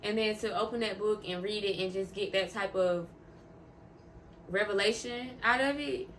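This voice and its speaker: A woman vlogger talks in a loose, rambling way and often repeats herself for emphasis. She is openly emotional and heartfelt. Her pitch sits in an ordinary middle range, with a faint hiss of noise behind her. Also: normal speed, a bit bright. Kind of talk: casual faith vlog talk.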